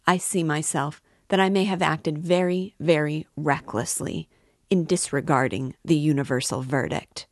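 A woman's voice: deep voice, fairly even intonation, normal speed, no echo, clean studio sound. A woman reading a novel aloud, voicing a pompous, self-important middle-aged man who feels wronged. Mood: aggrieved.

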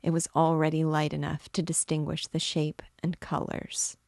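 A woman reading a classic novel aloud, narrating with measured, expressive storytelling. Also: low voice, gravelly, no echo, studio quality. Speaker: book reader and guide. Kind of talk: literary read-aloud narration.

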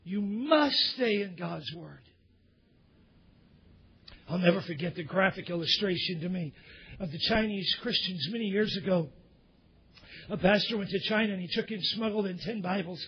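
A male pastor preaching a sermon in church, swinging from loud emphatic bursts down to near whispers. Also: sits high, a little fast, slightly rough, muffled recording.

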